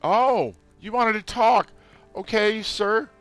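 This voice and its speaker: A man's voice: high-pitched, takes it slowly, fairly bright tone, no echo, faint music behind. A middle-aged man casually commentating a video game, rambling, amused at himself and chatting to his viewers. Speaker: let's play host.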